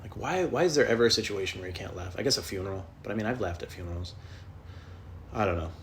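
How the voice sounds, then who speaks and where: With a fairly low, expressive voice and a slightly bright tone, this man talks fast while hosting a podcast solo. He rambles through a casual rant, swears a lot and keeps restarting his sentences, and a little hiss or hum can be heard.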